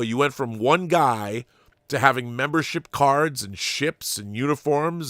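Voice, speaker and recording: A man's voice: medium pitch, pushed and bright, no echo, studio quality. A man hosting his own channel, ranting in an exasperated, sarcastic and profane monologue. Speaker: channel host. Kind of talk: opinion commentary monologue.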